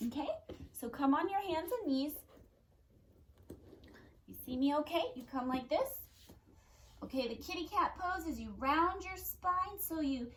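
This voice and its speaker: A young woman teaching a kids yoga class in a gentle, playful, encouraging way. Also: sits high, a little hiss or hum, low-quality recording. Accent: Californian.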